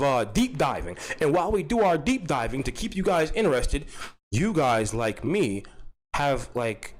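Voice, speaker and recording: Guy doing a commentary vlog, voice all over the place, cussing, jumps high then mutters low. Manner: loud and animated, pitch jumping up high; profane, mock-threatening. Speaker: commentary channel host. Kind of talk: unscripted commentary.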